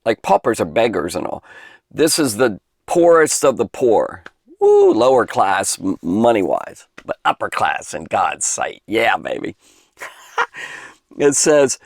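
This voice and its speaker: A man's voice: on the low side, wildly swooping pitch, slow pace, gravelly, dry recording, studio quality. Enthusiastic man teaching the Bible to kids. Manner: chatty, enthusiastic, digressive, emphatic. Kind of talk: informal Bible lesson for kids.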